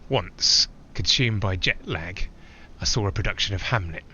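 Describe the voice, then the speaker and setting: A low-voiced, musing lone pilot. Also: male voice, moderate pace, pushed and bright, lo-fi sound, slight background noise. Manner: reflective, digressive, with small hesitations. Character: a man flying alone, musing and rambling. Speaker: narrator-pilot. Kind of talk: theatrical monologue.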